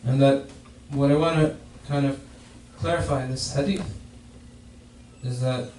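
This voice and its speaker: A man's voice: mid-range voice, fairly even intonation, unhurried, a little mellow. A man giving a Friday sermon in a mosque, explaining a hadith and often repeating and restarting his phrases. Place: mosque prayer hall. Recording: echoey hall, distant mic, faint noise.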